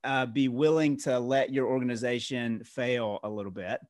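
A man co-hosting a podcast, speaking in a measured way and summing up his partner's points. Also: medium pitch, fairly even intonation, no room sound, clean studio sound. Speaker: podcast co-host. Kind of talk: casual podcast conversation.

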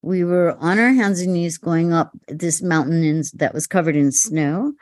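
Older woman, interview guest, animated storyteller, dry close sound. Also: lowish voice, moderate pace, no room sound. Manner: acts out quoted voices, laughs often. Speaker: guest actress.

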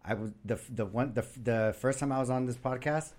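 A man hosting a casual podcast, enthusiastic, swearing freely and quick to laugh. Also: mid-range voice, darkish tone. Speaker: podcast host.

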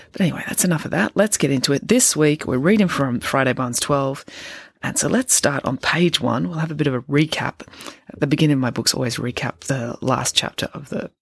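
A woman podcast host and author, chatty and animated, reading her own children's book aloud. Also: sits low, creaky, no echo.

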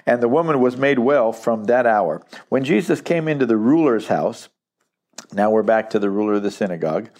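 A man's voice: medium pitch, animated, moderate pace, a little mellow. A middle-aged man teaching through a Bible passage verse by verse, emphatic and repeating key phrases for stress.

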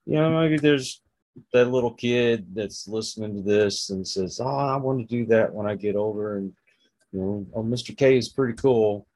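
A man's voice: on the low side, moderate pace, a little mellow, dry recording. A man hosting an interview, speaking earnestly and encouragingly to his guest. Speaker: interview host. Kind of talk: casual interview conversation.

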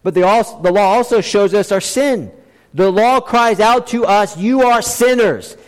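Delivering a sermon in a church sanctuary whose long reverb rings around him, a middle-aged pastor with a high voice for a man shifts between quiet and loud lines. He repeats phrases for emphasis and keeps a moderate pace.

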